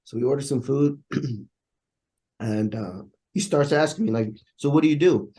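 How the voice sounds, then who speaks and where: Male interview guest, animated storyteller, mid-pitched, voices the people in his anecdotes. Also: normal speed, breathy edge.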